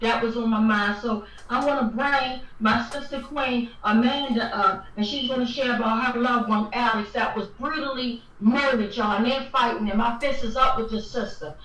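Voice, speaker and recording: A woman's voice: a little high, moderate pace, hardly any pauses, a bit bright, far from the mic. A woman hosting a livestream, venting with fiery emphasis. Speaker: livestream host. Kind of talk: impassioned livestream talk. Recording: echoey room, away from the mic.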